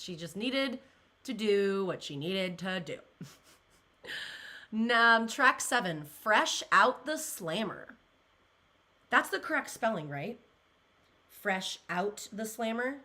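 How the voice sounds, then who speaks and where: A young woman chats casually to her viewers in a bright, ringing voice. She rambles and gushes, her pitch leaping around as she gets emotional. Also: animated, slow, pauses often. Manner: gushing, rambling, many "like"s, emotional. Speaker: pop culture vlogger. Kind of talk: casual chat, reacting to comments.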